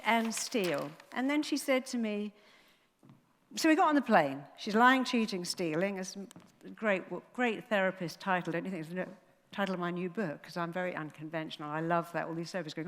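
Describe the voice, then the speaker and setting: Animated woman speaker in a reverberant hall. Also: mid-range voice, fairly quick. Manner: animated storytelling, acting out voices. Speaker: motivational speaker. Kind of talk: motivational talk with anecdotes. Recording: long reverb of a large hall.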